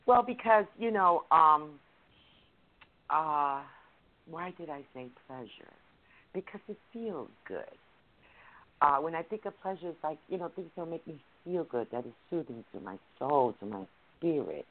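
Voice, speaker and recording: A woman in casual chat, thinking aloud hesitantly and filling pauses with "you know" and "um". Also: low-pitched, animated. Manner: hesitant, full of fillers. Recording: tinny phone line.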